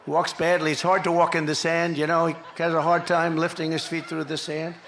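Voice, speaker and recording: Older man shouting a rally speech, echoey. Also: fairly high pitch, little pitch movement, brisk, background noise. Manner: boastful, repetitive, shouting out punchlines. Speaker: political candidate at a rally. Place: outdoor rally stage.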